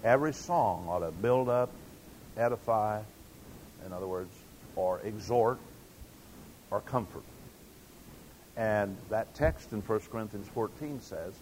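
A man's voice: lowish voice, measured pace, a little mellow, a little hiss or hum, low-quality recording. An older man preaching a sermon, telling stories in a folksy way and acting out quotes. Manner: folksy storytelling with acted quotes.

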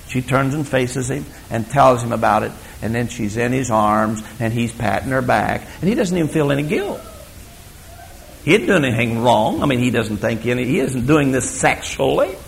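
A man preaching a sermon, emphatic and storytelling, swinging between loud declarations and hushed asides. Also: medium pitch, gravelly, slight background noise, rough recording.

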